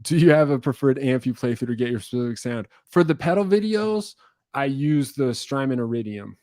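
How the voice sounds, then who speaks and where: Animated and brisk, a man with a medium-pitched, mellow voice rambles through viewer questions as a music YouTuber, interrupting himself wryly and coughing now and then. He's at his computer in an indoor room using a webcam setup. There's no echo, and the sound is studio quality.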